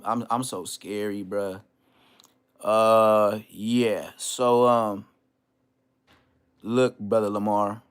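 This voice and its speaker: A man's voice: mid-range voice, clean tone. A middle-aged man, boasting and taunting his critics in a vlog rant full of street slang. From Inglewood, California. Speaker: vlogger. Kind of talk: trash-talking vlog rant.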